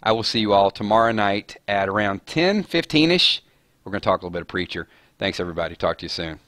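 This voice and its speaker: A man's voice: fairly low pitch, very animated, quick pace, fairly bright tone. A man hosting a casual live-stream chat, rambling and chuckling as he talks. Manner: rambling, chuckling, self-deprecating. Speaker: host.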